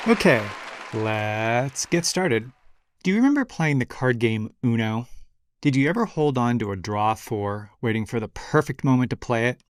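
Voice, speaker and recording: A man's voice: medium pitch, lively intonation, normal speed, some chatter behind. A man hosting a scripted explainer show, talking in an upbeat, conversational way. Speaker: host.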